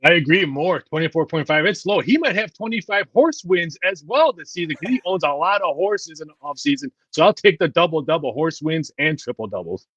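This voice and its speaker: A confident, jokey man gives his picks on a sports betting panel. His voice is fairly high. The audio is dull and lo-fi, with a dry, close sound. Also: lively intonation, brisk, hardly any pauses, fairly bright tone, dry recording. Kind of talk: sports betting show chat.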